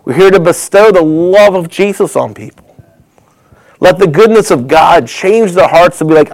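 Man, a bit high, gentle and earnest commentary, sometimes close to a whisper. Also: expressive, normal speed, rough recording. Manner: soft, emotional, sometimes dropping to a whisper; earnest, plain-spoken. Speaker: host reacting to a clip. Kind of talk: reflective commentary.

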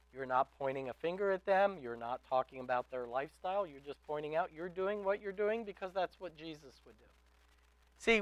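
A male preacher delivers a sermon in a high, clear, smooth voice. He speaks emphatically, swelling to loud calls and falling back to soft asides. The sound is close and dry. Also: no room sound, dull audio. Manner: emphatic, rising to loud exhortations. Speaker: pastor.

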